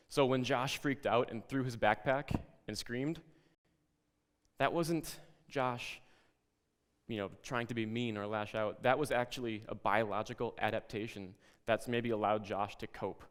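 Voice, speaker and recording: A man presenting a lesson to educators, speaking in a calm, reflective, guiding way and telling a story. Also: fairly low pitch, big-room sound.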